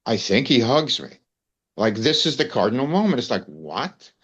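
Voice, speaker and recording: An older American man with a New York accent tells rambling anecdotes as an interview guest, peppering them with "you know" and "man" in casual conversation. His voice is medium-pitched and fairly bright, with lively intonation and a slightly fast pace.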